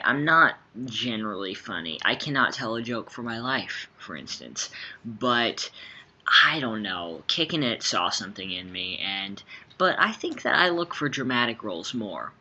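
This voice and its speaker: A young man answering fun interview questions in a playful, jokey way, swinging between quiet asides and loud bursts. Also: mid-range voice, husky. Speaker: interviewee, actor. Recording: slightly dull sound with faint background noise.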